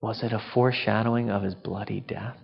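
A man's voice: fairly low pitch, fairly even intonation, fairly quick, gravelly, husky. A male pastor giving a conversational communion sermon, asking rhetorical questions. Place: church. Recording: dull reverberant hall sound.

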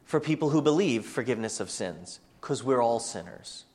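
A man preaching from the pulpit, his voice carried by a long, ringing hall reverb. He sits at an ordinary middle pitch and keeps things animated, slipping into the voices of the people he quotes. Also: moderate pace. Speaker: pastor. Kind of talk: sermon.

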